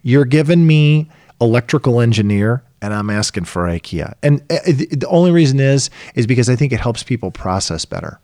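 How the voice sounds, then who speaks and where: A middle-aged man co-hosting a casual podcast, telling lively stories and acting out exasperated voices. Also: medium pitch, a little fast, no echo, clean studio sound. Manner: animated storyteller, acts out exasperated voices. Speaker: podcast co-host.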